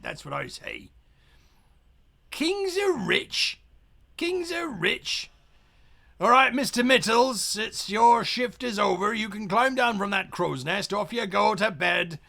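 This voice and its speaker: A man voicing a quick-tempered pirate ship captain who shouts and curses at his drunken crew. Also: sits high, creaky, pitched above the performer's own voice, exaggerated voice. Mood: gruff. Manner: blustery, shouting and cursing at the crew.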